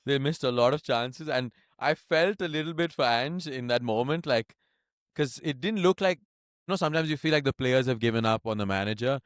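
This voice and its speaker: A man co-hosting a casual football podcast, talking in a measured, analytical way and laughing often. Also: medium pitch, animated, no echo, clean studio sound. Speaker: podcast co-host.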